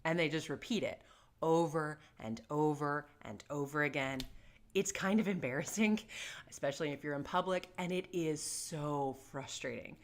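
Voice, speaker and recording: A woman's voice: sits low, normal speed. A middle-aged woman giving casual parenting advice to camera, joking and self-deprecating as she tells stories. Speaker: parenting vlogger.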